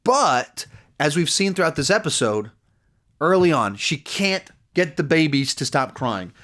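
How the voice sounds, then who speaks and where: A man's voice: on the high side, big pitch swings, a little slow, a bit bright. A man giving a casual spoken review of a TV episode, rambling through the plot with lots of "like" and "you know" and acting out the characters' lines. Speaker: TV series reviewer.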